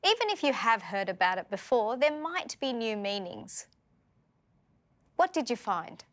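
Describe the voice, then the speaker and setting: A woman with an Australian accent teaching a scripted vocabulary lesson, speaking clearly and patiently and putting questions to learners. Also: on the high side, sing-song, a little slow.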